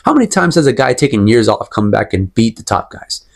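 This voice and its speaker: A man's voice: medium pitch, sing-song, fairly quick, creaky. A young man giving a casual, rambling opinion rant about fighters, emphatic and repetitive, often restating his point. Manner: rambling, emphatic, repeats himself, sips tea while talking. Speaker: MMA commentary vlogger.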